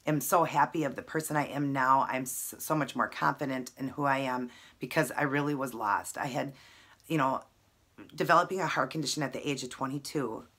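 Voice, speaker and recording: A woman in her thirties speaks straight to her camera at home, earnest and close to tears, with plenty of ums. Her voice sits very low and sounds husky. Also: a little fast, fairly bright tone. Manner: emotional, earnest, many fillers. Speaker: vlogger. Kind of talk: personal talk to camera.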